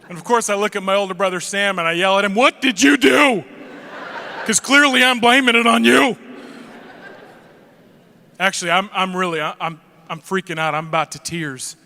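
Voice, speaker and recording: A man telling a funny family story on stage, animated and jokey, acting out the scenes. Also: sits high, in a large hall, slight background noise. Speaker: speaker at a school event.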